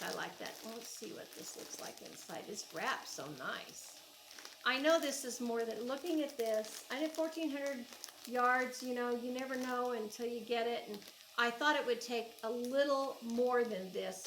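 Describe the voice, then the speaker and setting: A woman's voice: fairly high pitch, noisy background. A woman with an Oklahoma accent, chatting casually and gushing as she unboxes yarn at home for her crochet vlog. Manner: chatty, gushing, thinks aloud. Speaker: crochet vlogger.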